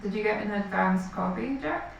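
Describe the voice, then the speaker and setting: A woman's voice: medium pitch, moderate pace, gravelly, heavy reverb, far from the mic, highs cut off, slight background noise. A woman co-hosting a livestream, casually reading viewer comments aloud. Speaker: co-host reading chat.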